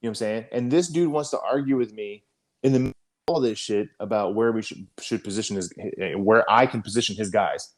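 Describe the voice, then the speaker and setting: Low-voiced man telling a war story. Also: a little fast. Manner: profane, animated storytelling, frequent fillers. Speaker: podcast co-host, army veteran. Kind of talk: casual storytelling conversation.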